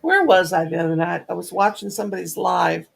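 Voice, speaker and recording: A woman's voice: fairly low pitch, animated, fairly quick, vocal fry. An older woman hosting a crochet livestream, telling rambling stories full of restarts and asides in casual chat.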